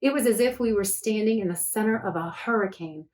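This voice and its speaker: A woman's voice: medium pitch, brisk, a little mellow. A woman author reading her book aloud to children, chatty and enthusiastic between passages.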